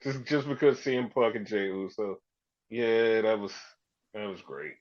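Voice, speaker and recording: A man co-hosting a podcast, casually recapping wrestling and acting out quotes with big leaps in his voice. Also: unhurried. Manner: animated storytelling, heavy swearing, acts out quotes with big pitch jumps. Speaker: podcast co-host. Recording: dull lo-fi sound.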